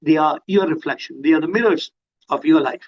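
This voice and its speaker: A middle-aged man with an Indian accent gives a lively talk on parenting over a video call, repeating himself and acting out parents and children. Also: fairly high pitch, brisk. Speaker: parenting speaker. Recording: dull lo-fi video call audio.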